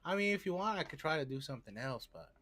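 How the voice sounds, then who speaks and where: A man's voice: fairly high pitch, very animated, quick pace, sharp tone, slight background noise. A man playing in a tabletop game over a voice call, talking in a hesitant way and often correcting himself. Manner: hesitant, self-correcting talk. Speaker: player. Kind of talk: casual chat at a tabletop game.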